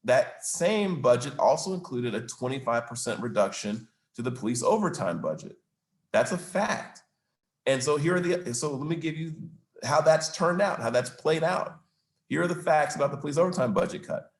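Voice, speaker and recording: A man's voice: medium pitch, animated, moderate pace. A man speaking as a city mayor at a business event, answering questions in an emphatic, argumentative way and stressing facts and figures. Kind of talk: public Q&A answer. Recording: roomy, echoey room.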